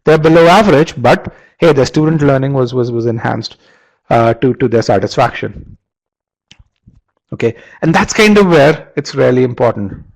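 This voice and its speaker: A man's voice: mid-range voice, lively intonation, normal speed, creaky, poor audio. A man teaching a live online webinar, often repeating words as he restarts and quizzing his audience. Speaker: online course instructor.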